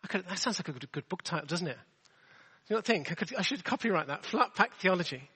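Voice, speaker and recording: A man's voice: sits high, expressive, quick pace, sharp tone, breathy edge, long reverb tail. A man preaching a sermon in a chatty, self-deprecating way, full of rhetorical questions. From England.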